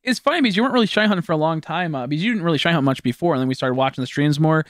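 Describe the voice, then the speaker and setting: A young man streaming a video game, chatting casually with viewers, excitable, profane and often laughing. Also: a little high, racing, dry recording, clean studio sound. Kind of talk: casual gameplay stream commentary.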